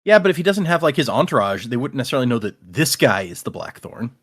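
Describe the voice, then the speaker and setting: Man recapping a story, mid-pitched. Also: expressive, quick pace, fairly bright tone, slightly rough. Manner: rambling storyteller, acts out quotes. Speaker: podcast co-host. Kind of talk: casual chat, recapping the chapters.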